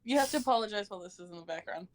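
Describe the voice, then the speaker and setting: A woman's voice: mid-range voice, lively intonation, rapid-fire. A woman on a live stream, joking along with the host in casual talk.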